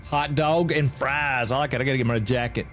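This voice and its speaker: A man's voice: medium pitch, fairly even intonation, brisk, a bit bright, faint music behind. A man from Georgia, chatting casually with viewers while streaming a game and often repeating himself. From Atlanta, Georgia.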